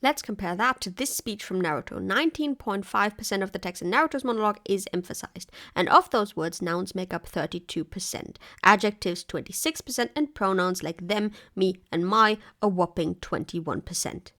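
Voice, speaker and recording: A woman reads a scripted video essay in a clear, analytical voice, with a wry edge now and then. Her delivery is plain and conversational. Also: mid-range voice, animated, moderate pace, hardly any pauses, fairly bright tone.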